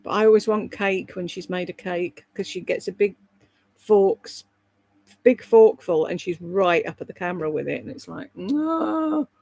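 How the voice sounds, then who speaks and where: A woman's voice: fairly low pitch, moderate pace, creaky, darkish tone, no echo. A British woman chatting casually on a live stream, rambling between topics and reading out viewer comments. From Britain. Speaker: live streamer and voice-over artist.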